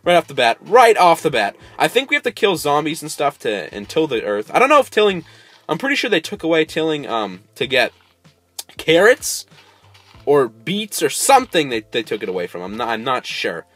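Excitable man with a wildly swinging voice. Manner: excitable, coaxing animals with sudden high squeals. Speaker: gameplay host. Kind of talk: casual let's-play commentary.

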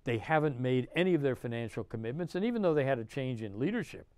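A man's voice: mid-range voice, animated, fast, a little mellow, clear, resonant tone, dry recording. Older male legislator, emphatic commentary, resonant and dry. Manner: emphatic, indignant, punchy phrasing. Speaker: state senator. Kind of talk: political commentary monologue.

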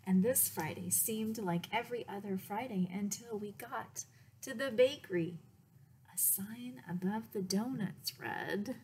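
A woman librarian reading a picture book aloud to children in a gentle storytelling manner. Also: mid-range voice, unhurried, a little hiss or hum.

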